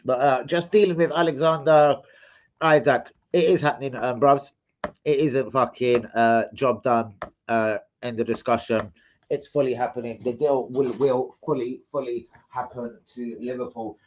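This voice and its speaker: A man's voice: mid-range voice, fairly even intonation, moderate pace, darkish tone. A man hosting a football live stream, rambling and swearing in street slang. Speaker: football channel host. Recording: lo-fi livestream audio.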